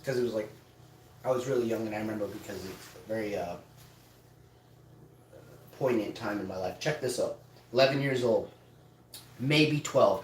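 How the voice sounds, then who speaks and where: A man in his forties hosting a livestream, telling a story in a casual, animated way and breaking into loud excited shouting. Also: medium pitch, distant mic. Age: 40s. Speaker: livestream host. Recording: roomy sound, off-mic.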